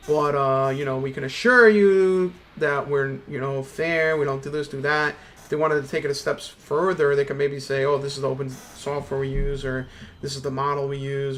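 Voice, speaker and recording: Profane rambling streamer, slightly high voice. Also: male voice, a bit bright. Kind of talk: casual livestream commentary.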